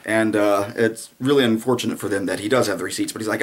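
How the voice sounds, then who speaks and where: A man's voice: mid-range voice, fairly even intonation, fast, few pauses. Sarcastic rambling male commentator. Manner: sarcastic, rambling, frequent fillers. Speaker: political commentator. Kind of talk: casual monologue commentary.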